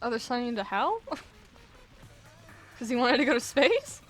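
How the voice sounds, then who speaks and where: A young woman commenting excitedly on a game playthrough, pleading and laughing often, over faint game music. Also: a little high, moderate pace. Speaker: gaming streamer.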